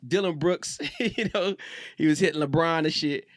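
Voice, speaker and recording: Animated high-voiced man ranting about sports. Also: moderate pace, no room sound, studio quality. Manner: animated, slangy, repeats himself. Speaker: podcast host. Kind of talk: casual sports rant.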